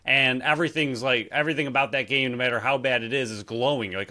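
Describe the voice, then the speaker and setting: A man's voice: mid-range voice, steady tone, fast, bright, forceful tone. A young man co-hosting a casual sports podcast, agreeing readily and riffing with incredulous asides. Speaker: podcast co-host.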